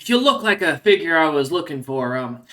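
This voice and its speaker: A man's voice: a little high, big pitch swings, brisk, a bit bright. A man voicing a huge gray-skinned male monster hunter who asks blunt questions. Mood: questioning.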